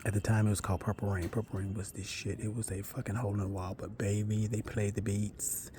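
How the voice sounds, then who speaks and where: Over a noisy background, a fast-talking man with a fairly low, level voice spins a long, meandering personal story. He breaks off for asides, corrects himself, and occasionally drops to a hush.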